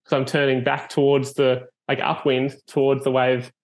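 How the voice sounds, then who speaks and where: A man hosting a casual chat as a foil coach, telling stories in a relaxed way with plenty of fillers. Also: medium pitch, moderate pace. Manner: laid-back, storytelling with many fillers.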